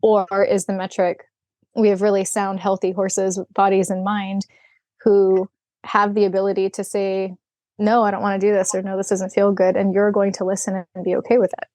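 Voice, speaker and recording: A woman of middle pitch speaks as a podcast guest with blunt, lively candor. She slips into voicing other people and laughs as she goes. The recording is close and dry, with no room sound. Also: moderate pace, no echo. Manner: candid and animated, acts out dialogue, laughs often. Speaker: guest, equine rehabilitator. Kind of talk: podcast interview, casual storytelling.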